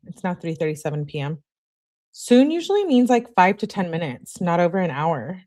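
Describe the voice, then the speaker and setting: A woman's voice: lowish voice, big pitch swings, moderate pace, darkish tone. A woman hosting a true crime livestream, reading a series of text messages aloud with a lifted, emphatic delivery. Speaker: true crime channel host.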